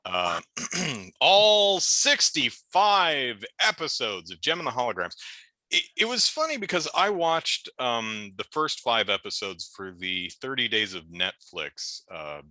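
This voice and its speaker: A middle-aged man hosting a casual movie discussion, talking in halting bursts with frequent restarts and fillers. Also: deep voice, animated, pushed and bright, no room sound, rough recording. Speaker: YouTube show host.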